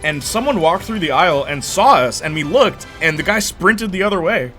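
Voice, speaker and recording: A young man chatting casually while streaming a game, telling stories in an animated way with lots of fillers. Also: fairly high pitch, moderate pace, faint music behind. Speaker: gaming streamer.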